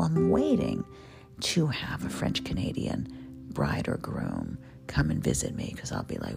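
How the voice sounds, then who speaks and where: A woman's voice: low voice, huge pitch swings, measured pace, gravelly. A woman from New York chatting playfully about food and travel, with lots of asides. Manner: gabby, playful, digressive with asides. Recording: music playing behind the voice.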